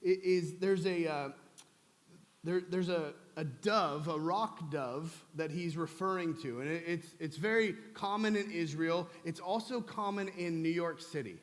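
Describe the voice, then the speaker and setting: A man's voice: on the high side, a little slow. A man preaching in a church, humorous and conversational in manner. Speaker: pastor. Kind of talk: sermon. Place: church sanctuary. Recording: long church hall reverb.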